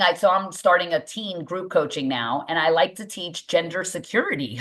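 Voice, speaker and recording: Emphatic, low-voiced woman coach. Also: a bit bright. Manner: emphatic, repeats phrases. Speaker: mindset coach and boxing gym owner. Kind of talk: podcast interview guest.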